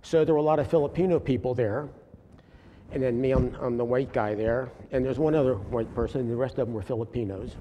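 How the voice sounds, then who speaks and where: A man telling his congregation a faith story in an earnest, halting way, often restarting his sentences. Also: mid-range voice, dull audio. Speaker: lay preacher sharing a testimony. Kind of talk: informal church testimony. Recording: long hall reverb, faint room noise.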